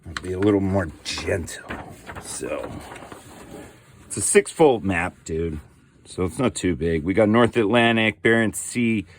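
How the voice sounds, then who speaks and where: The middle-aged host of a board game channel talks in a low voice at a measured pace, unboxing a game in an easygoing, slang-heavy way with frequent fillers and "dude." A little hiss or hum sits in the background.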